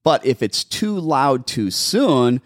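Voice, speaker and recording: Lively-voiced male dog trainer. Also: mid-range voice, slow pace, no room sound, clean studio sound. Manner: animated, instructive, repeats steps. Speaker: dog behaviorist, podcast host. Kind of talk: casual advice chat.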